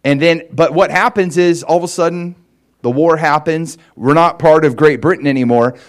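A man's voice: fairly high pitch, normal speed. Chatty American preacher man. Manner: conversational, many fillers like "like" and "you know"; checks in with listeners by asking if it makes sense. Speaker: pastor. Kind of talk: casual teaching sermon.

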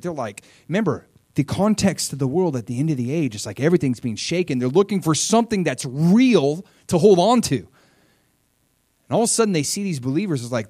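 A man preaching a sermon, telling a story with lively swings between loud, high bursts and quiet, low asides, and acting out the quotes. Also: slightly rough, no echo, studio quality. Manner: animated storytelling, acting out quotes with big swings in pitch and loudness. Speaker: pastor.

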